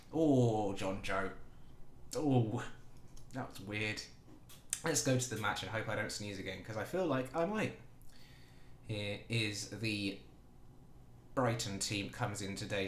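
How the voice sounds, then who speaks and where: A man's voice: on the low side, fairly bright tone, echoey room, a little hiss or hum. A man casually commenting while he plays a football management game, chatty and swearing freely as he talks back to the game. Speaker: gaming YouTuber.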